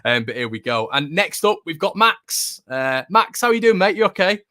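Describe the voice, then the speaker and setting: A man's voice: a little high, sing-song, normal speed, sharp tone, no echo, studio quality. A man with a Northern English accent hosting a casual fan phone-in, chummy and calling callers mate. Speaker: fan channel host.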